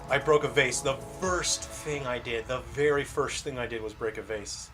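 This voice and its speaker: A man's voice: medium pitch, normal speed, few pauses, a bit bright. A man, a game developer, chatting casually while he plays a game on a livestream and answers viewer questions aloud. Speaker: game developer hosting a launch stream. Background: faint game music.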